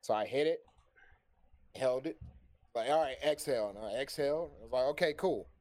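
A man's voice: mid-range voice, fairly quick. A man telling a long story in a casual chat, cursing freely and acting out the lines of the people in it. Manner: animated, profane, acts out quoted dialogue.

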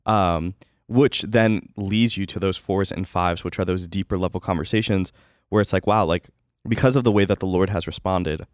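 Podcast co-host, man, fairly low voice, earnest and candid. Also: normal speed, dry recording, studio quality. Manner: earnest, candid, talks in fillers and restarts. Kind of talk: casual podcast chat.

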